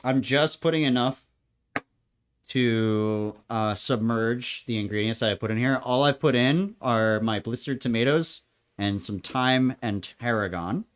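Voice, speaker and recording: A man's voice: mid-range voice, unhurried, smooth. A man chatting casually while cooking in his home kitchen, rambling from topic to topic, joking and laughing often. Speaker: home cook.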